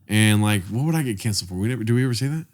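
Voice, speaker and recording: A man's voice: on the low side, animated, racing, a little mellow. A man co-hosting a podcast in casual chat, telling crude, rambling joking stories. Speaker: podcast co-host.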